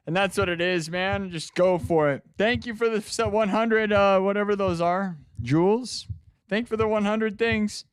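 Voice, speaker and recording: A man's voice: high voice, normal speed, clear, resonant tone, no echo. Laid-back man chatting to livestream viewers. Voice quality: throat strained from screaming. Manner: laid-back, calls viewers dudes and bro. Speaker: livestream host and improv musician. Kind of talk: casual livestream chat.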